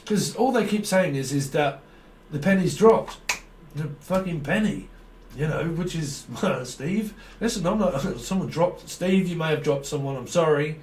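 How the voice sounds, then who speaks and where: A man's voice: on the high side, lively intonation, measured pace, a little mellow, a little hiss or hum. A man giving a rambling, free-associating tarot reading, swearing and laughing as he goes. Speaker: tarot reader. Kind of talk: stream-of-consciousness intuitive reading. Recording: echoey room, mic far off.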